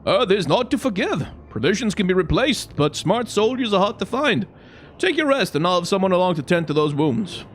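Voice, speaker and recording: A man reading aloud as a steady male outpost commander, in an earnest tone. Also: sits high, brisk, slight background noise.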